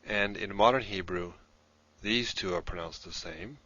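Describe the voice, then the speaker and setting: A man's voice: low-pitched, a little slow, sharp tone, dull audio. A man giving a recorded lesson, explaining patiently step by step while he writes things down. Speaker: instructor in a played lesson video.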